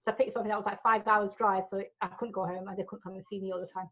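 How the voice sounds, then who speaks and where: A woman's voice: mid-range voice, racing, highs cut off. Frank woman telling stories. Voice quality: frank and animated, swears freely. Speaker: interview guest. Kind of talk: candid storytelling in a casual interview.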